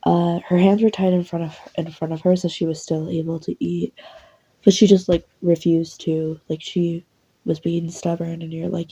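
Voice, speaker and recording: A woman's voice: lowish voice, level tone, normal speed, warm tone, slightly rough, muffled recording. A woman casually narrating an audio role-play in second person, with lots of fillers and some swearing. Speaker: voice actor narrating.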